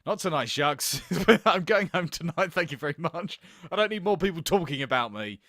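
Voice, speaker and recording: A young man commentating a game he plays, animated and profane, laughing often, on a close microphone. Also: a little high, fairly quick, no echo. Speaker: gaming channel host. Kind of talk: let's play commentary.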